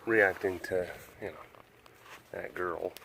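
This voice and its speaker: A man's voice: low-pitched, fairly even intonation, slow pace, creaky, bright, forceful tone, slight background noise. A man vlogging as he walks around an animal compound, chatting, joking and cooing at the cats. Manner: chatty, jokey, coos at the animals. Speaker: big cat sanctuary vlogger. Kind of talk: casual vlog narration. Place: outdoor wildlife compound.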